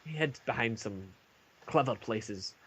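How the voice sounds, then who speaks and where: A man running a tabletop game as game master, narrating haltingly with many pauses and restarts over an online call. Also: mid-range voice, animated, a bit bright, slight background noise.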